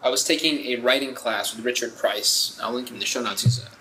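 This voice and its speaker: A young man rants casually as a podcast co-host, blunt and opinionated. His voice is very bright and sharp. Faint noise hums behind him. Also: mid-range voice, fairly quick, low-quality recording. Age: young adult. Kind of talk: casual chat.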